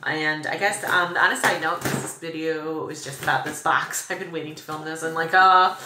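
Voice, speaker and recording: A woman's voice: sits low, steady tone, brisk. A young woman vlogging as she unboxes beauty products, gushing and chatty with lots of fillers. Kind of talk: casual unboxing chat. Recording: echoey room with clear background noise.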